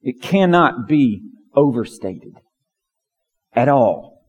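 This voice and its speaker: A man's voice: medium pitch, very animated, slow pace, husky, lo-fi sound. Man preaching in a reverberant hall. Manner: emphatic preaching, builds to fervent lists. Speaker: pastor. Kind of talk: sermon.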